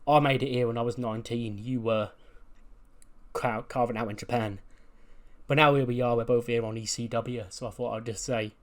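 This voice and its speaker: A polite, friendly English wrestler greets an old colleague, as a man puts him on. His English-accented talk is chatty and slightly halting, sitting at a middle pitch. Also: steady tone, close to an everyday voice.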